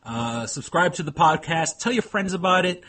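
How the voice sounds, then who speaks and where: A man's voice: on the high side, animated, normal speed, fairly bright tone. A man co-hosting a casual podcast, rambling along with lots of "you know" and blunt swearing. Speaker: podcast co-host.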